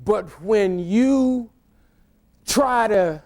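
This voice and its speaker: A middle-aged male pastor preaches by telling a humorous personal story in an easy, conversational way. His voice sits on the higher side and he speaks slowly. He often stumbles over a word and starts again. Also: a little mellow. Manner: humorous, repeats and restarts words.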